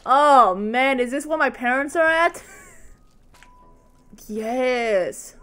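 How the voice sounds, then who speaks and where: A woman giving let's play commentary on a game she is playing, excitable, with loud exclamations, gasps and casual swearing. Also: a little high, slow, long pauses. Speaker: gaming video creator. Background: faint game music.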